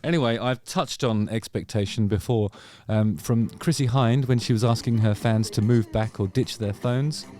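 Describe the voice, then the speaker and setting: A man's voice: medium pitch, moderate pace, few pauses. A man hosting his own channel, giving playful, joking commentary on music performers. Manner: jokey, playful, drifts into mock voices. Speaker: YouTube channel host.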